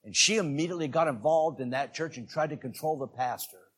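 Man, evangelist preacher, sermon, fairly high voice, folksy jokes, loud-to-hushed swings. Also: brisk, slightly rough. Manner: dynamic, swings between loud peaks and hushed asides; folksy, joking.

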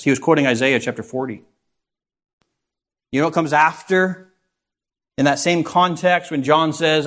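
A man's voice: fairly high pitch, lively intonation, normal speed, pauses often, a bit bright. A man teaching a Bible lesson, reading scripture aloud and asking his listeners rhetorical questions.

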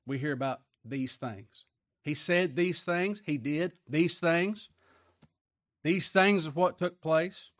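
A man's voice: on the high side, no echo, clean studio sound. A man preaching a sermon in a folksy, colloquial way, often tagging rhetorical questions onto his points.

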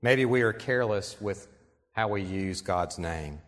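A male pastor delivering an earnest sermon, reading quotations aloud and slowing down to stress key points. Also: lowish voice. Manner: earnest preaching, reads quotations aloud, slows for emphasis. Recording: long reverb in a large hall.

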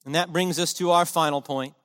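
Man, preacher, high voice, earnest impassioned sermon, emphatic repetition, long hall reverb. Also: steady tone, fairly quick, fairly bright tone, clear, resonant tone.

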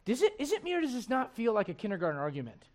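A man's voice: very high-pitched, wildly swooping pitch, very fast, darkish tone. A man preaching a sermon in an impassioned, conversational way, firing off rhetorical questions to his listeners.

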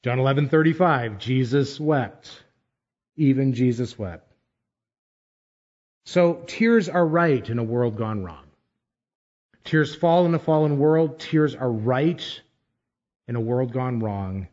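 A man delivers a sermon at an unhurried pace, stressing repeated phrases with earnest emphasis. The recording sounds somewhat dull and muffled. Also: medium pitch, lively intonation, darkish tone. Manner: measured, emphatic preaching with deliberate pauses. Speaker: pastor.

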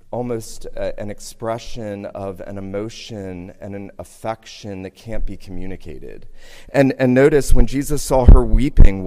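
A man preaching a sermon, moving between loud emphatic lines and hushed, slowed passages. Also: lowish voice. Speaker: pastor. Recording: hall reverb, sermon in a church.

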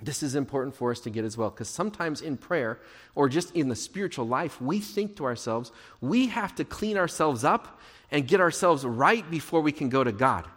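A male pastor preaching a sermon in an earnest way, moving between emphatic and hushed delivery. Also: mid-range voice, animated, normal speed. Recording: long hall reverb.

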